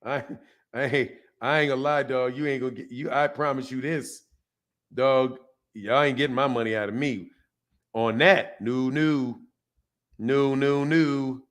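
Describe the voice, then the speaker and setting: A man's voice: medium pitch, steady tone, a little slow, fairly bright tone. A retired man from Omaha hosting a casual boxing livestream, talking loosely with lots of slang, laughing and answering chat. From Omaha, United States. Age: older.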